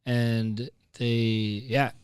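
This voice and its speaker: A man co-hosting a casual podcast chat, relaxed, with dry teasing asides. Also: medium pitch, very slow, smooth, dry recording. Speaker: youth ministry co-host.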